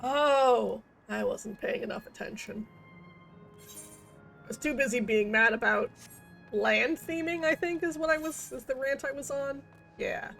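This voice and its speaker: A woman's voice: a little high, gravelly, fairly bright tone. A woman streaming a game, rambling in casual commentary with goofy wordplay and self-mocking jokes.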